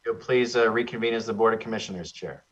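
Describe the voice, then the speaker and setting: A man on county staff formally reading meeting procedure with a measured manner. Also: lowish voice, slightly rough. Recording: distant muffled meeting audio.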